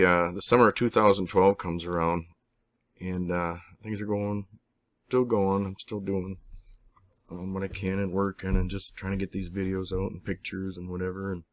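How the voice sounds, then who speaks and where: A man being interviewed, telling a personal story in a halting, rambling way with many restarts and some swearing. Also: low voice, no room sound. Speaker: interviewee recounting personal experiences. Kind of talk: casual spoken storytelling.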